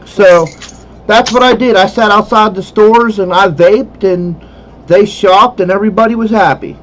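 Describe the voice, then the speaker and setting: A man's voice: sits high, moderate pace, fairly bright tone, low-quality recording. A man talking easily in a casual chat, calling himself an enthusiast and sharing his habits. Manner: chatty, self-described enthusiast. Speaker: podcast host.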